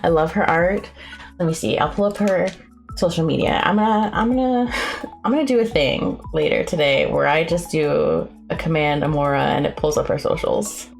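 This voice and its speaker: Gushing, excitable woman with a lowish voice. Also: normal speed, creaky, soft background music. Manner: effusive and excitable, gushing with sudden high squeals. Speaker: artist streaming a co-working session. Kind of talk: casual livestream chat.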